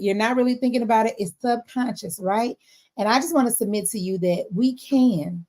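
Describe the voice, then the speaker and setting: Woman giving a faith-based pep talk, slightly high voice, keeps asking "all right?". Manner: expressive, frequent "all right?" check-ins. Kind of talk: casual motivational talk.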